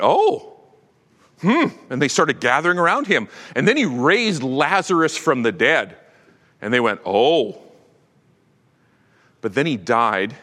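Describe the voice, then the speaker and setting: A man preaching a sermon with animated delivery, swinging from loud proclamation to hushed tones. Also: mid-range voice, big-room sound. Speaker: pastor.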